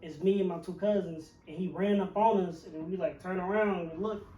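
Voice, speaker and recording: A man's voice: sits high, fairly even intonation, a little fast, dark tone. A man, a chef and podcast co-host, telling a rambling, profane story in casual chat with many fillers. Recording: roomy, distant mic with faint music.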